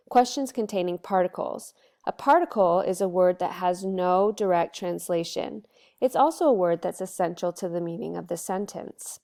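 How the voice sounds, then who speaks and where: A Latin teacher, a woman, giving a recorded study lesson and explaining grammar step by step, slowing down and stressing each example word. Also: mid-range voice, warm tone. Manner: slow, deliberate explaining with stressed example words.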